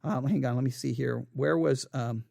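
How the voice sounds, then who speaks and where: A man hosting a channel, reading viewer comments aloud and answering them in an animated, exasperated way, with frequent stammered restarts. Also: medium pitch, normal speed, vocal fry, no room sound, clean studio sound.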